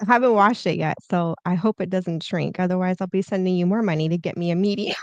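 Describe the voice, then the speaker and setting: A woman co-hosting a podcast in relaxed, casual conversation, heard over dull lo-fi audio. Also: on the low side, fast talker, dry recording. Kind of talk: casual chat.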